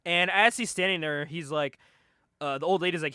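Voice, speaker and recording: A man chatting on a comic book podcast, laughing often and acting out characters in quick voices. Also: fairly high pitch, pushed and bright, clear, resonant tone, dry recording, studio quality. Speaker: podcast co-host.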